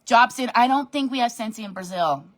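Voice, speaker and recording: A woman leading her sales team in a bubbly, animated live-stream pep talk from her home office desk, reading and answering comments as she goes. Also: on the high side, fairly quick. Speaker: direct sales team leader.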